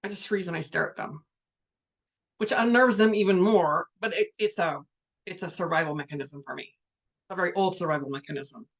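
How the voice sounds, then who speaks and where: A woman's voice: fairly low pitch, a little fast. A woman speaking as a spiritual coach in a casual livestream, talking frankly and chattily and reading viewer comments aloud.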